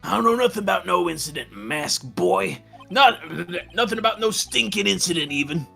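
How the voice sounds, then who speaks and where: A raspy shouting gangster thug. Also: male voice, sits high, expressive, moderate pace, faint music behind, exaggerated voice. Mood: dismissive. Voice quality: raspy, hoarse. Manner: threatening, yelling tough-guy slang. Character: gruff hot-headed male gangster thug. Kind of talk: fan dub of a game.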